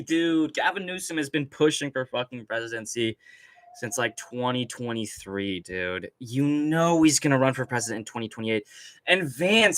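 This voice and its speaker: A man's voice: medium pitch, expressive, normal speed, fairly bright tone, no echo. A young man hosting a casual livestream, ranting and rambling with constant swearing and laughter while reading chat. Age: young adult. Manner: profane, rambling rants with frequent laughter.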